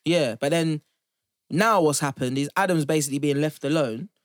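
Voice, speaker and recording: A man's voice: fairly high pitch, normal speed, no room sound, clean studio sound. A young man chatting casually on a panel, joking and acting out quotes in slangy banter. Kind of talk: casual chat.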